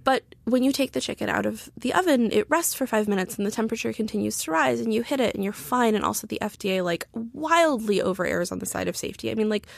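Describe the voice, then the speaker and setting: Woman, creaky voice, chatty storyteller, lots of fillers, dry close sound. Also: a little high, animated, fast, few pauses, no echo. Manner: chatty storyteller, many fillers, sarcastic asides. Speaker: guest, writer. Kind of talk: casual podcast chat.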